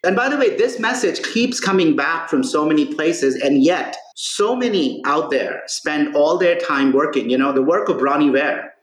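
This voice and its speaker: A man speaking as a podcast guest and author, telling stories in an earnest, animated conversational way. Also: a little high, normal speed, few pauses. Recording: roomy echo.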